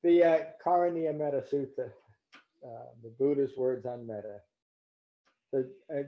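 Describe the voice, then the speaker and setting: A man teaching a Buddhist meditation class and reciting scripture, relaxed and joking, a little halting. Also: mid-range voice. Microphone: livestream mic. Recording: slightly dull lo-fi stream audio.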